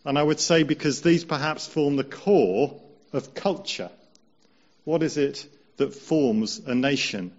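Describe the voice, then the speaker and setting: A man preaching a conversational sermon, slowing down to stress key points. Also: on the high side, highs cut off. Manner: measured, conversational, slows down for emphasis.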